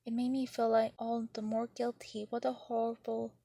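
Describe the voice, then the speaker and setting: A woman reading a novel chapter aloud in the first person, in a steady, even way. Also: a little high, moderate pace, gravelly, dry recording. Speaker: narrator.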